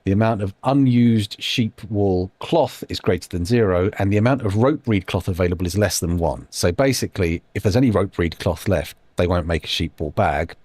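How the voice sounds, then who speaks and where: A man's voice: low-pitched, a little mellow, husky, dry recording. A man giving casual live-stream commentary while playing a game, rambling, musing aloud and making self-deprecating asides.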